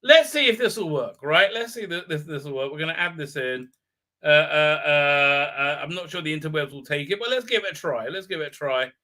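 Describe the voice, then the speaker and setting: A man's voice: a little high, animated, fairly quick, pushed and bright. A man hosting a live stream, chatting casually in a rambling, sardonic way full of filler sounds. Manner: rambling, many filler ums and uhs, sardonic. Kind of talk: casual live review chat.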